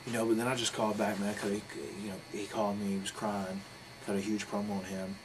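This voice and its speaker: A man recounts a story in a candid interview, blunt and profane, rambling from one detail to the next. He talks quickly in a lowish voice. Steady background noise sits under the recording. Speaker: interview guest, pro wrestler.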